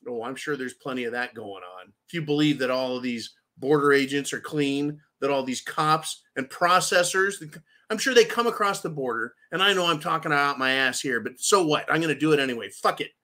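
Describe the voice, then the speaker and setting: A man's voice: mid-range voice, animated, a little fast, bright, forceful tone. A man hosting a political commentary show, delivering a vehement, profane rant that keeps turning to address his audience as "folks".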